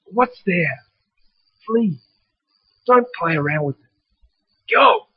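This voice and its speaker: Fiery high-voiced male pastor. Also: drawn-out words, husky, no echo, dull audio. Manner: passionate, rising to shouts, with animated storytelling. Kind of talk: sermon.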